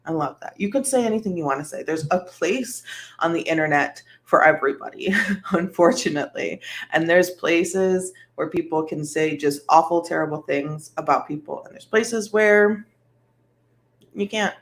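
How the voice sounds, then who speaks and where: Chatty, rambling woman vlogger, lowish voice. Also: normal speed. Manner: rambling, full of "like" and "um", sighing. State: tired. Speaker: host. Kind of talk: casual chat about a livestreamed trial.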